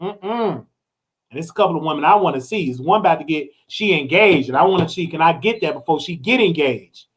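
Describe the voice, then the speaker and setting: Brief: high-pitched male host from Chicago, rowdy live-stream storyteller, shouts and rambles. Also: brisk. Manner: animated, loud, often shouting and laughing; rambling with frequent restarts and asides. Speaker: host of a live call-in show.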